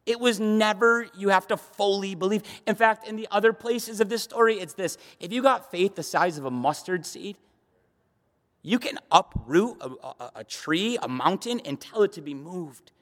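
A middle-aged man preaching as pastor, with emphatic delivery that climbs to urgent high bursts. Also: normal speed, a bit bright. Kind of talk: sermon. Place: church sanctuary. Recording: long reverb of a church hall.

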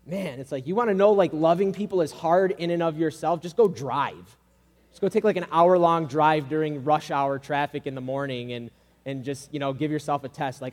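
A man's voice: a little high, fairly quick, a little mellow. A man preaching a sermon in a loose, conversational way, full of fillers and acted-out quotes. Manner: casual and conversational, acting out quoted voices. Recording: long hall reverb.

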